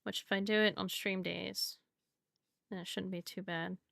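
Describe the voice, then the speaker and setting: A woman's voice: mid-range voice, little pitch movement, moderate pace, vocal fry, fairly bright tone, no room sound, studio quality. A woman from the Southern United States, chatting casually while she draws on a live stream. She rambles and often laughs. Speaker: art streamer.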